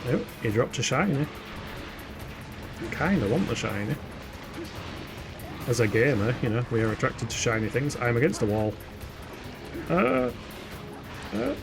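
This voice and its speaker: Here the same sort of English gaming streamer, Yorkshire accent and all, keeps up playful let's-play banter and fields chat questions. He speaks at a normal pace in a mid-range, expressive voice, leaving long pauses, with music playing behind him.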